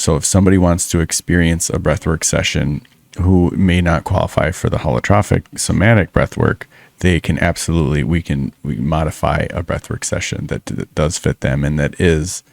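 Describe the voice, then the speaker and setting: A man co-hosting a breathwork introduction, calmly explaining step by step with some "um" pauses. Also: low voice, gravelly, dry recording. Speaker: breathwork co-host. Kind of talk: casual explanatory talk.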